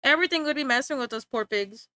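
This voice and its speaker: A woman's voice: high-pitched, expressive, fast, bright, forceful tone, clear, resonant tone, no room sound. A young woman streaming live, rambling and joking in casual chat with frequent laughter.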